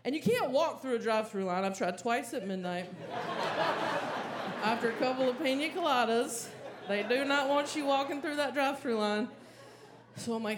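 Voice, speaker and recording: A woman stand-up comedian, telling a story on a comedy club stage with lively, frantic acted-out panic. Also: sits high, normal speed, pauses often. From American South. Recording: audible live crowd ambience.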